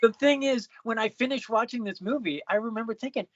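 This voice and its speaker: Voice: medium pitch, brisk, dull audio, a little hiss or hum. A podcast co-host chatting casually about a film, hesitant and exasperated, often restarting sentences. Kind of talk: casual movie review chat.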